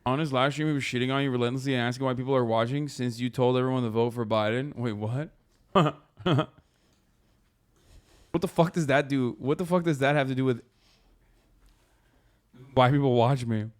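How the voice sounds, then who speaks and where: A man hosting a casual live stream, reacting to posts with animated, profane commentary. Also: medium pitch, moderate pace, pauses often. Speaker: streamer host.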